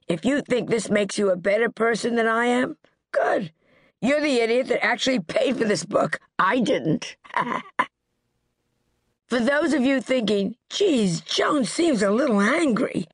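A woman reading her own comedic book aloud, with sarcastic, deadpan ranting and punchy timing. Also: mid-range voice, no room sound, clean studio sound.

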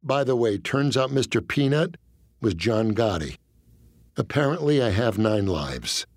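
A male comedian narrating his own memoir as a comic audiobook, deadpan and self-deprecating, on a close studio mic. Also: medium pitch, measured pace, dry recording.

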